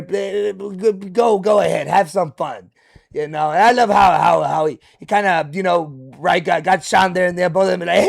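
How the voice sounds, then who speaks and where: Excitable man with a high, gravelly voice. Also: normal speed, soft background music. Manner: excitable, lots of fillers and restarts. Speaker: reaction video host. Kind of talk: casual reaction commentary.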